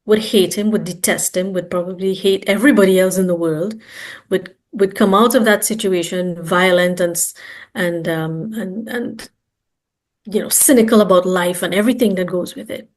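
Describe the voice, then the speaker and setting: A woman's voice: on the low side, moderate pace. A woman guest giving an earnest, emphatic personal testimony and repeating words for stress. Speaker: interview guest.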